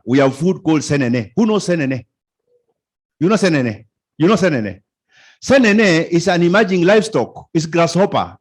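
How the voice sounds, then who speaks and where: A man's voice: a little high, breathy edge. A middle-aged Kenyan man giving an informal conference talk, quizzing the audience and repeating his points. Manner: animated, asks the audience questions, repeats phrases. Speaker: conference speaker.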